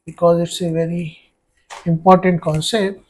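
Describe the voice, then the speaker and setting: Slightly high and a little mellow, the French tutor's voice has a flat delivery and moderate pace. He's teaching a French grammar lesson aimed at exam prep, spelling out words letter by letter and explaining step by step as he writes on a board.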